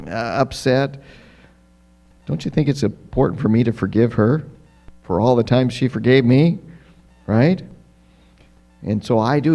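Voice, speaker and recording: A pastor giving a children's story in a church. He is lively and keeps asking the children questions. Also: medium pitch, gravelly. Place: church sanctuary.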